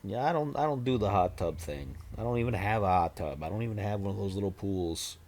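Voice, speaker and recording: A man's voice: lowish voice, expressive, a little fast, a little mellow. A man in his forties chatting casually on a livestream, rambling with self-deprecating, jokey asides into a desk microphone. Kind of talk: casual stream chat.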